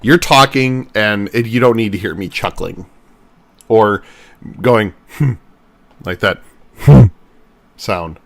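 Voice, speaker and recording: A man's voice: lowish voice, steady tone, unhurried, fairly bright tone, no room sound. A young man and podcast host chatting casually on a livestream while editing his own show, self-mocking and rambling, with some swearing.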